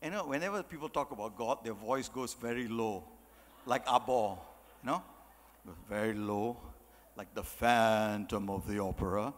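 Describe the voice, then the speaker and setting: A man telling a personal story in a motivational talk, acting out the dialogue with animated energy. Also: lowish voice, moderate pace. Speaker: speaker. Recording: long hall reverb.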